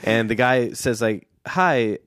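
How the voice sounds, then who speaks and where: A man's voice: mid-range voice, slow pace, a bit bright, clean tone, no room sound, clean studio sound. A young adult man telling a long family story in casual chat, rambling with fillers and restarts.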